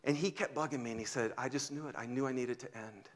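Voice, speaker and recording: Pastor, man, 50s, storytelling sermon, mid-pitched voice, big swings from shouts to hushes. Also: fast talker, few pauses. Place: church sanctuary.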